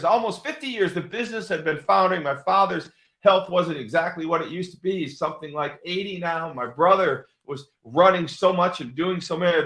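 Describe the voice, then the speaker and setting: High-voiced man in his sixties, emphatic. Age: 60s. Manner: emphatic, repetitive, bursts into loud excited exclamations. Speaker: show host. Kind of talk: motivational storytelling talk. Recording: roomy echo.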